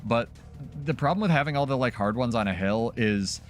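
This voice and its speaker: A man's voice: mid-range voice, animated, fairly quick, soft background music. A man talking casually as a streamer during live gameplay, loose and chatty with many fillers.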